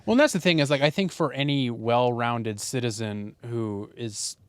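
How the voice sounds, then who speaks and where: A young man co-hosting a podcast, talking in a casual, animated and opinionated way, with fillers and swearing. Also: mid-range voice, moderate pace, smooth, no echo. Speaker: podcast co-host. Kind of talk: casual chat.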